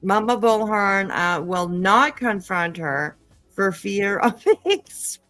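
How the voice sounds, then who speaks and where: A woman's voice: mid-range voice, takes it slowly, a bit bright, soft background music. A woman hosting a livestream, reacting to clips in casual commentary, blunt and profane and laughing often. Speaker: livestream host.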